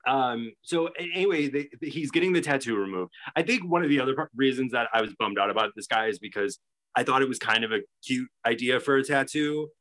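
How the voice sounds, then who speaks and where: A man's voice: medium pitch, lively intonation, fast, a bit bright. A man co-hosting a podcast, telling a story in casual chat with many restarts. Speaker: podcast co-host.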